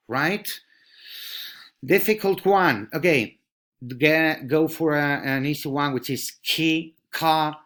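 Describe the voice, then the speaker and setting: Male pronunciation teacher, unhurried delivery, exaggerates sounds and keeps checking in with the class. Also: fairly high pitch, pushed and bright. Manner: over-articulates sample words, often checks with "right?". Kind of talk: pronunciation lesson.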